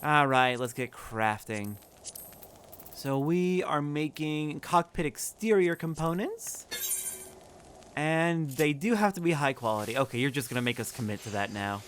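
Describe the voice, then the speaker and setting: A man's voice: on the high side, lively intonation, measured pace, a bit bright, slight background noise. Wry man giving gameplay commentary. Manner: wry, joking asides. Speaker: let's play host. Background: faint game music.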